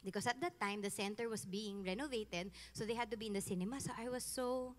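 Filipino woman, 30s, giving a testimony; lively and casual, reverberant hall. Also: on the high side, fast. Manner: animated, switching between English and Tagalog, laughing often. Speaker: guest giving a faith testimony. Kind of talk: personal testimony, casual storytelling.

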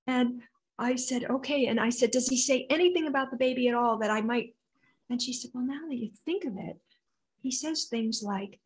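An older woman, an intuitive healer being interviewed, telling stories with lively acted-out quotes. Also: on the high side, normal speed, poor audio. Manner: animated, acts out quoted voices. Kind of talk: storytelling interview answer.

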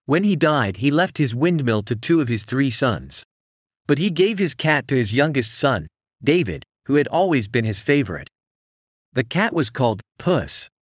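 Male storyteller, animated bedtime reading, dry close mic. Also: mid-range voice, no room sound.

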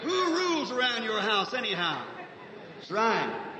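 High, bright-voiced preacher in an echoey hall. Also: male voice, very animated, measured pace. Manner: folksy, fervent, swings between soft asides and shouting. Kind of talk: revival sermon. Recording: 1950s archive recording, echoey hall, dull lo-fi, faint hiss.

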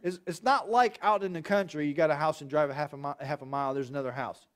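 Pastor, high voice, lively story-driven sermon. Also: male voice, quick pace. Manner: animated storytelling with acted voices. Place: church.

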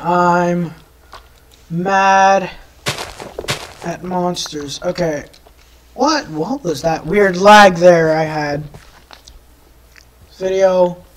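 A woman giving live gameplay commentary, exasperated, often yelling and screaming at enemies, with rambling self-mocking asides. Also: fairly low pitch, takes it slowly, long pauses, a little hiss or hum. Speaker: gameplay video creator.

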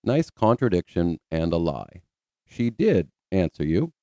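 A man's voice: deep voice, big pitch swings, measured pace, warm tone, no room sound. A man hosting a rebuttal commentary, delivering dry, sarcastic remarks. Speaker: channel host.

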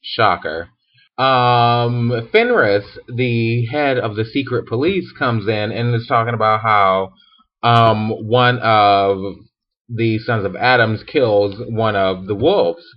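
A man's voice: fairly low pitch, takes it slowly. A tipsy man casually retelling a story with sarcastic, profane asides and giggles, in a hotel room. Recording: dull lo-fi recording.

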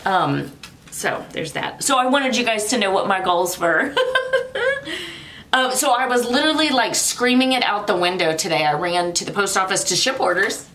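A woman's voice: fairly low pitch, a bit bright, a little hiss or hum. A middle-aged woman chatting casually through an unboxing, rambling off on tangents, laughing often and swearing casually. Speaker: vlogger.

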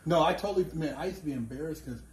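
A man hosting a casual conversation, animated and laughing, swearing freely as he tells stories. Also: fairly high pitch, very fast, a little hiss or hum. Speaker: podcast host. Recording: echoey room with faint ambience.

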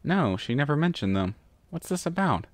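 A man's voice: fairly high pitch, very animated, normal speed, dry recording, pitched above the performer's own voice. Daring Do, a man voicing a blunt pony mare. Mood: stubborn. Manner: blunt, stubborn. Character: adventurous female pony archaeology professor.

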